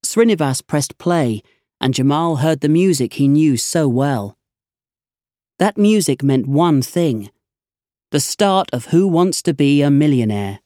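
A slow, measured audiobook narrator with a lively, rising and falling delivery. The voice is close and dry, with no room sound. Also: medium pitch, no room sound.

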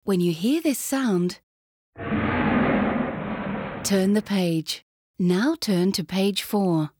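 A woman narrating a children's read-along storybook, with clear, expressive delivery. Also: mid-range voice. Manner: slow and clearly paced, expressive.

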